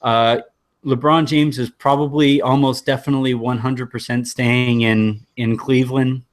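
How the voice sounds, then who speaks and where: A man hosting a podcast in relaxed chat, easygoing and quick to laugh. His voice sits at an everyday middle pitch. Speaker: podcast host. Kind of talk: casual chat.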